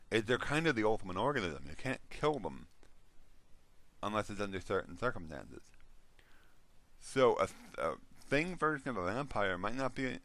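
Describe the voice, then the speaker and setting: A man's voice: on the low side, fairly bright tone, no room sound. A man hosting a casual monologue on role-playing games, rambling with restarts and the odd yawn. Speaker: host.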